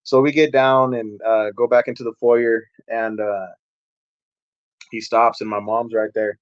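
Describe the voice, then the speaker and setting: A man's voice: lowish voice, little pitch movement, measured pace, no room sound, lo-fi sound. Streetwise man telling his story. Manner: candid, streetwise, acts out quotes. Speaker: pastor, podcast guest. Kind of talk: casual storytelling.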